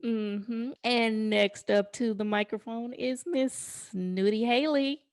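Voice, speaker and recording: A woman's voice: fairly high pitch, slow pace, crowd noise. A woman hosting a casual recap chat from home on a video call, playful and theatrical as she announces. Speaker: host.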